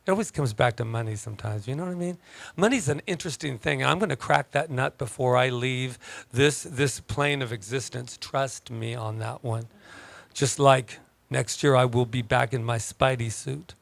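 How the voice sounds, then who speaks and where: A man's voice: mid-range voice, moderate pace, creaky. A man preaching a sermon as a minister, joking in a conversational way and then turning emphatic. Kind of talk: playful sermon. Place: church service.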